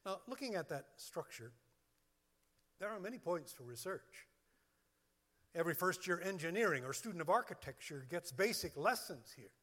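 A male pastor preaches with a high, very animated voice. He hits long strings of words one by one. The sound carries a long reverb from a big hall. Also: normal speed. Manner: emphatic, lists words one by one. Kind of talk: sermon.

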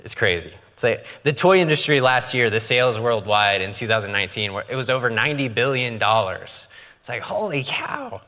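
Bright-voiced preacher in a reverberant hall. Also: male voice, medium pitch, lively intonation, a little fast. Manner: conversational, joking, acts out quoted voices. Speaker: pastor. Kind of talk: sermon. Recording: long reverb of a large hall.

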